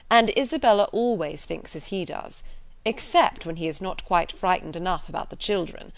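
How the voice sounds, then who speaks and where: A woman reading the part of a grave, frank middle-aged gentleman in an audiobook, in a firm, measured way. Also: fairly low pitch.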